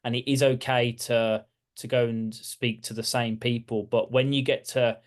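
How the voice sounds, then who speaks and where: A man with a Brummie accent chats loosely as an interview guest, at a mid pitch. He talks in looping sentences full of "like" and restarts. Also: flat delivery, moderate pace. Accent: Birmingham English. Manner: chatty, many restarts and "like" fillers. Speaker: guest, architecture practice owner. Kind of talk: casual interview chat.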